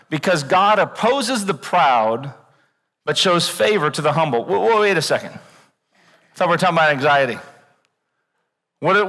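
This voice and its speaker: A man preaching a sermon in a church, animated and joking, acting out worried voices. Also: sits high, long reverb tail. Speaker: pastor. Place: church auditorium.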